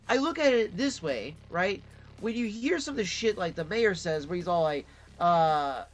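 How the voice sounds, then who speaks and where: A man's voice: high-pitched, lively intonation, normal speed, faint music behind. A man from Detroit in a casual storytelling monologue, swearing freely and acting out the voices of the people he quotes. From Detroit, Michigan. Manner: profane, acts out quoted voices. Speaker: vlogger.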